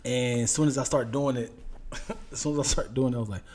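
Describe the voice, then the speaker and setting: A man's voice: mid-range voice, steady tone, brisk, a little mellow. A man co-hosting a casual podcast, telling stories with animation and pushing back with questions. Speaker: podcast co-host. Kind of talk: casual chat.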